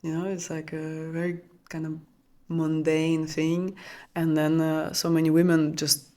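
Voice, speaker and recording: Soft-spoken woman with a Russian mother tongue. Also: deep voice, completely flat delivery, a little slow. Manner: soft, flowing, searching, many restarts and repeated words. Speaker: spiritual coach for women. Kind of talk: intimate teaching talk to an audience.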